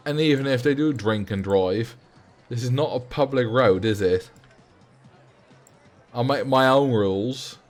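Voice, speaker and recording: A man whose first language is Dutch chats loosely on a game livestream. He jokes and banters with viewers at a middle pitch. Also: unhurried, long pauses, faint music behind. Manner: jokey, bantering with chat. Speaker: streamer. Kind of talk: casual livestream chat while playing.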